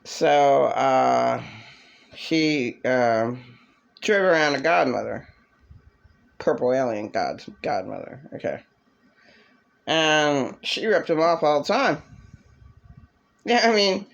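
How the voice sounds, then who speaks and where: A woman ranting angrily about her past, bitter and swearing, now and then mocking others in a shrill voice. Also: creaky, highs cut off. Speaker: vlogger. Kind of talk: angry personal rant.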